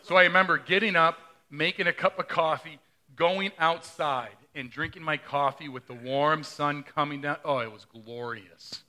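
A middle-aged male pastor preaches conversationally, frequently putting questions to the congregation. His voice is a little high, bright and forceful, at a normal speed.

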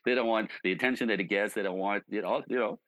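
A low-pitched man talks through relationship advice as a guest, his tone sharp and forceful. He tells animated stories, sprinkling in "you know" and "right?". The sound is dry and close. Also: quick pace, dry recording, poor audio. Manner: animated storyteller. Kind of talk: conversational advice.

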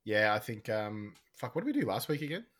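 A man co-hosting a music podcast in casual chat, talking fast with a slight lisp. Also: lowish voice, very animated, fairly bright tone. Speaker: podcast co-host.

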